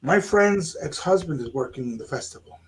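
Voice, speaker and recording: Animated man telling a story. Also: fairly high pitch, normal speed, slight background noise. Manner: animated, acts out quoted dialogue. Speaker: radio show host. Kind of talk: casual storytelling chat.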